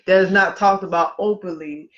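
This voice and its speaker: High-voiced man on a dull livestream. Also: fairly even intonation, normal speed, a bit bright. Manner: conversational, reads passages then comments with asides. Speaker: podcast co-host. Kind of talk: casual podcast talk, reading history.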